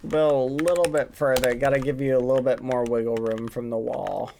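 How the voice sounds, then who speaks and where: A man's voice: mid-range voice, level tone, fairly quick, dark tone, slight background noise. A man hosting a building game on stream, casually chatting and joking with the players and encouraging them. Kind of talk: casual livestream commentary.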